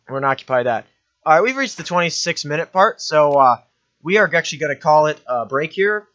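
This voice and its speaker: A man's voice: on the high side, expressive, fairly quick, a bit bright, lo-fi sound. A young man giving offhand, rambling commentary while playing a strategy game, often correcting himself. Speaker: gaming commentator. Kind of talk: let's play commentary.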